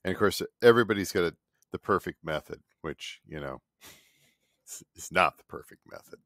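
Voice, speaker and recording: Cranky guy in his fifties ranting about art, deep voice bouncing all over, dry room. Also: expressive, moderate pace, fairly bright tone, dry recording. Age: 50s. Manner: cranky, sarcastic, mocking others in put-on voices. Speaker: artist vlogger. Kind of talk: casual rambling monologue. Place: home studio.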